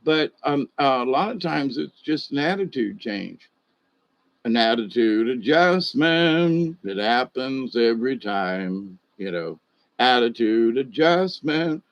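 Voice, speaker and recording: A man's voice: medium pitch, lively intonation, takes it slowly, dry recording, highs cut off. Older man, folksy and rambling. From Georgia, US. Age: 60s. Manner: folksy, meandering, chuckling. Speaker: monologue host.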